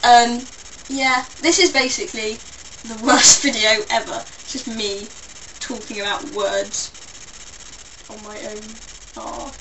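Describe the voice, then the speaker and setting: A woman's voice: on the high side, steady tone, measured pace, bright, forceful tone, far from the mic, slight background noise, poor audio. A young English woman with a mixed London and Somerset accent, rambling through a casual vlog with playful, self-mocking asides. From England. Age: young adult. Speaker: vlogger.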